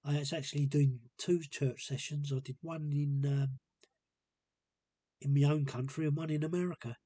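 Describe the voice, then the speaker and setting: A man talking casually to camera in a hesitant, rambling and subdued way, with a gravelly, husky voice. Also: a little high, little pitch movement, moderate pace, warm tone, dry recording. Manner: hesitant and rambling, many ums. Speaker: vlogger. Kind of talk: casual personal monologue.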